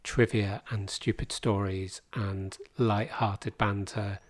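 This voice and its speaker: A man's voice: fairly low pitch, steady tone, slow pace, no echo. A man in his fifties, a podcast guest telling a long, rambling story with dry humour. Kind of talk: casual conversation.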